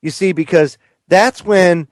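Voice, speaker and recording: A man's voice: high voice, a little slow, no echo, studio quality. A man appearing as a guest on political talk radio, speaking emphatically and with indignation.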